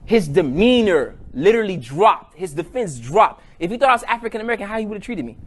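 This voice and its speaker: Animated man telling a story. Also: sits high, fast. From Haiti. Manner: animated storyteller acting out dialogue. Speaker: podcast guest in a played clip.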